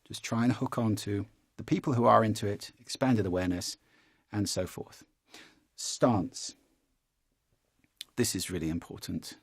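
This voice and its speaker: A man, a public speaking coach giving a relaxed, conversational course lesson and demonstrating as he explains. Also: fairly low pitch, measured pace, pauses often, slightly rough, no echo, studio quality.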